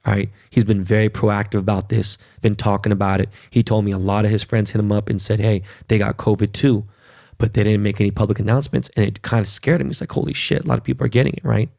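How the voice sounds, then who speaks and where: Gravelly man ranting on a podcast. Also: lowish voice, little pitch movement, quick pace, warm tone, dry recording, clean studio sound. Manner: profane, emphatic, ranting. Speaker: podcast host. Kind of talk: casual monologue.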